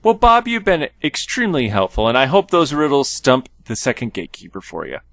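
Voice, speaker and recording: Lively-voiced man playing a tabletop game. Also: medium pitch, fairly quick, dry recording. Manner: friendly, curious, questioning. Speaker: player. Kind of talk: in-character tabletop role-play.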